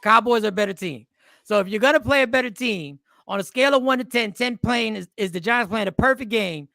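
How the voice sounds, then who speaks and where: Gravelly, bright-voiced man talking football. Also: sits high, brisk, dry recording, studio quality. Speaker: sports talk panelist. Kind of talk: casual sports talk.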